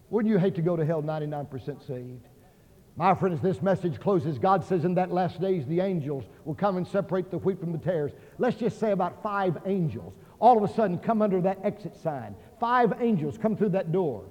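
A man preaching a revival sermon as an evangelist in a large auditorium, impassioned, acting out the voices in his stories and rising to near shouts. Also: high-pitched, animated, moderate pace. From Oklahoma. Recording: dull sound in a hall with long reverb.

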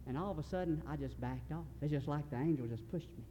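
Give me a man preaching a folksy sermon story in a fairly high voice. He is earnest and often starts his sentences over. There is a long reverb from a big hall and a faint rumble. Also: dark tone, lo-fi sound. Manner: folksy, earnest, halting restarts.

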